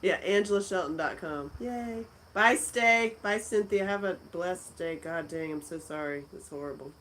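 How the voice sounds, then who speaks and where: A middle-aged woman hosts a casual live stream from a friend's house, chatting and laughing as she answers viewer comments. Her lowish, slightly bright voice moves at normal speed, and the low-quality recording carries slight background noise.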